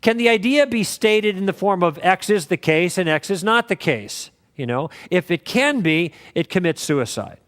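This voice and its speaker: A high-voiced man teaches a class in a relaxed, story-driven way, quoting both sides of past conversations to explain his points. He talks at normal speed with hardly any pauses, and a long reverb rings as if in a lecture hall.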